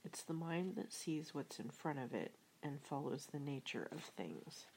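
A woman reading an audiobook in a soft, half-whispered way. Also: sits low, lively intonation, unhurried, slight background noise, rough recording. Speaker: audiobook reader. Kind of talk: audiobook narration.

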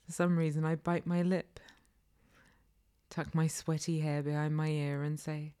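Brief: woman narrator, low register, unhurried, breathy, whispery intimate storytelling. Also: monotone, warm tone. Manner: slow, breathy, often half-whispered. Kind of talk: intimate first-person erotic audio story.

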